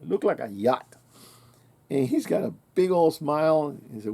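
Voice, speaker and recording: A man in his sixties tells an old story at his own pace in a warm, dark-toned voice. His talk is loose and colloquial, full of restarts and self-corrections. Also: on the high side, expressive, normal speed, gravelly, husky. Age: 60s. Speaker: channel host. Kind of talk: casual storytelling monologue.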